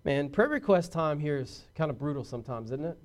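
A man preaching a sermon as pastor, swinging from shouted points to hushed asides and talking directly to his congregation. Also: a little high, expressive, brisk.

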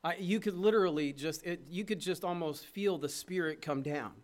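High-voiced pastor preaching. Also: male voice, normal speed. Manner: impassioned preaching, swings between loud urging and soft tenderness. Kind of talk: sermon.

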